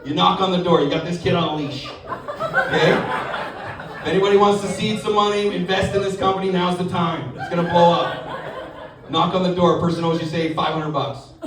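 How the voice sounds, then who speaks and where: A man performing a stand-up comedy set, telling animated stories and acting out voices. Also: sits high, a little fast, noisy background. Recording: echoey club, distant mic, audience laughter.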